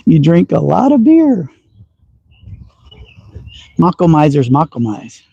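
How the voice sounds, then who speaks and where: A man's voice: fairly high pitch, wildly swooping pitch, takes it slowly, vocal fry, warm tone, husky, dry recording, muffled recording. A man from Texas with a slight Southern accent, hosting a casual livestream and chatting while he shoots outdoors. He talks in a folksy, teasing way and chuckles often. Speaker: slingshot livestream host. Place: outdoor backyard shooting range.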